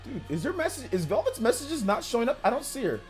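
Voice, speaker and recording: A man hosting a casual gaming live stream, excitable, repeating himself and laughing at himself as he talks. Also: very high voice, fast, soft background music.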